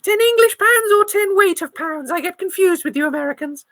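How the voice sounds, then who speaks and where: A woman's voice: animated, brisk, a bit bright, no echo, full character voice. Woman putting on Mrs Claus, a quavering old granny. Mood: chatty. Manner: high quavering granny voice, chatty.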